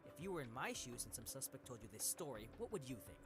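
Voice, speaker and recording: Man reading a brisk, teasing young detective. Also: mid-range voice, very animated, music in the background, lightly acted. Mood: interrogating. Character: young male detective, laid-back and teasing.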